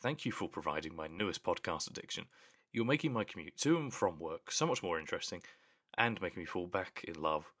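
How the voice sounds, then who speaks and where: A man's voice: low voice, expressive, brisk, a bit bright, breathy edge. A man co-hosting a podcast, talking in an earnest, thoughtful casual chat. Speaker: podcast co-host.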